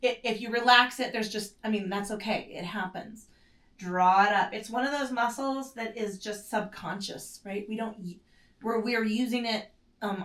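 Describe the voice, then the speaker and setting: A woman's voice: mid-range voice, far from the mic. A woman teaching a mat pilates class in a casual, self-correcting way, breathing in short strained breaths as she does the moves herself. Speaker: pilates instructor. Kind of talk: guided exercise instruction. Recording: echoey room, set back from the mic.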